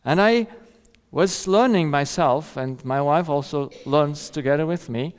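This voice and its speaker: A man's voice: on the high side, measured pace, smooth, long reverb tail. A man giving a seminar lecture in a conversational way, often checking in with "yeah?" and chuckling at his own stories. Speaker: seminar speaker.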